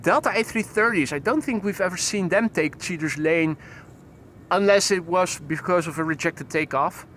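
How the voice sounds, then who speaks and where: At a normal speed and with a high, fairly bright voice, a man gives live aviation commentary from outdoors near a runway, mixing flight details with joking remarks. A slight hiss or hum is audible.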